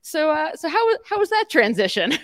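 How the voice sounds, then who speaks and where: A woman's voice: high-pitched, big pitch swings, moderate pace, a bit bright, dry recording, studio quality. A woman hosting an interview in casual chat, conversational and self-deprecating, with frequent "like" and "um". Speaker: host.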